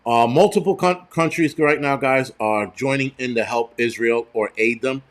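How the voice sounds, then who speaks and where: A man's voice: medium pitch, normal speed. Blunt, profane American man. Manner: blunt, profane and rambling, talking straight to viewers. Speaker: prepper channel host. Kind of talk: casual live-stream commentary.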